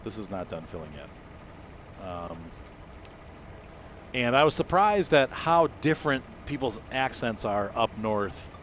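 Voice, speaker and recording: Man, American, young adult, low-pitched, rambling streamer chat, faint background noise. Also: sing-song, slow, pauses often, fairly bright tone. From United States. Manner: rambling, chatty, frequent fillers and laughs. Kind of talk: casual gameplay chat with viewers.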